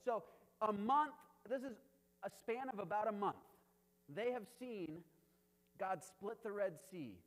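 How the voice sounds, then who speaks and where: A man with a somewhat high voice preaches in a casual, conversational way, checking in with "right?" as he goes. His voice rings out with the long reverb of a large hall. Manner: conversational preaching, frequent "right?" asides, chuckles. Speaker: pastor. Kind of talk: sermon.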